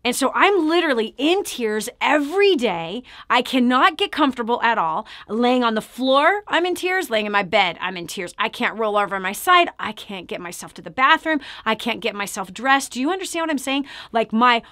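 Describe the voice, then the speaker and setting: Brief: middle-aged woman host, emphatic testimony to camera, somewhat high voice, dry close sound. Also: lively intonation, normal speed, hardly any pauses, no echo. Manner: emphatic, addresses listener directly; drops to a hushed, near-whispered delivery. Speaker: show host. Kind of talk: personal testimony to viewers.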